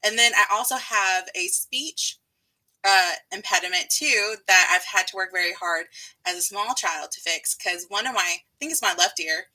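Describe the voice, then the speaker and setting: A woman's voice: mid-range voice, animated, normal speed, bright, forceful tone, rough recording. A woman with a light Southern US accent hosting a casual writing live stream, bubbly and laughing often.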